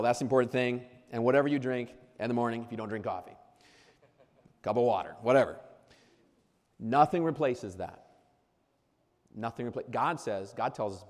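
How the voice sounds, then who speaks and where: A man's voice: mid-range voice, a little fast, pauses often, big-room sound. A man preaching an earnest sermon to new ministers, hammering points through repetition, with frequent restarts. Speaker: pastor addressing new ministers.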